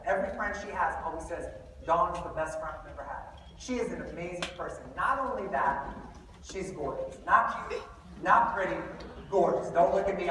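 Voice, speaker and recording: A man giving a humorous motivational talk to a live audience, telling a story with playful comic timing. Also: high voice. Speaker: motivational speaker. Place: large hall with live audience. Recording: echoey hall, far off, crowd noise.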